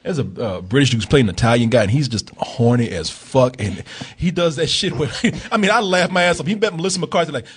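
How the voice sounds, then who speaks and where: A man's voice: medium pitch, fast, few pauses, slight background noise. A man hosting a movie review podcast in casual, profane chat, laughing a lot and acting out quotes. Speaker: film review podcast host.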